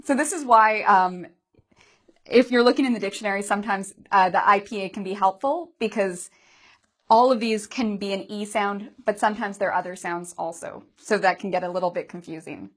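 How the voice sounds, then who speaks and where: A woman with a mid-pitched voice gives a pronunciation lesson, speaking patiently and modeling each vowel slowly and clearly. She keeps asking her learners what they see and hear.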